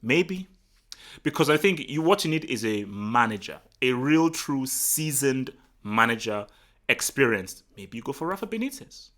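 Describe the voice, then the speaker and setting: A man from Nigeria hosting a live football talk stream, chatting casually and answering the chat in an excitable, rambling way full of restarts. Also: mid-range voice, moderate pace. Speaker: football talk show host. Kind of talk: casual livestream commentary, reading the chat.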